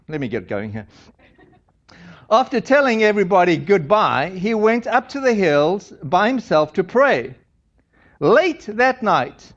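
A man with a high voice gives a relaxed sermon and retells a scripture story in plain, chatty words with frequent asides. The recording is dull and lo-fi. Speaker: pastor. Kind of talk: conversational sermon.

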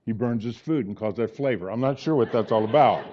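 A man's voice: mid-range voice, brisk, lo-fi sound, a little hiss or hum. A man in his sixties preaching a sermon, telling personal stories and acting out the dialogue in them with earnest conviction. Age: 60s.

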